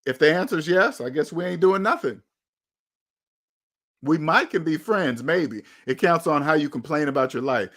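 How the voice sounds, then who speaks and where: A man's voice: on the high side, expressive, normal speed, fairly bright tone. A man, hosting his own channel and giving blunt, emphatic advice in a candid monologue, often repeating phrases for stress. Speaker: channel host.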